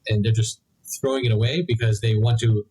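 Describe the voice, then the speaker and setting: On a rough recording, a young adult male podcast co-host rambles casually through his points, restarting often. He speaks briskly in a lowish, husky voice with a dark yet steady tone.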